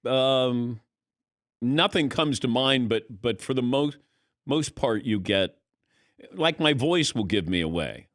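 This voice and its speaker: A man with a mid-range voice hosts sports talk radio, chatting casually as he tells a story and performs the dialogue with animation. He takes it slowly, and the studio microphone gives a dry, clean recording.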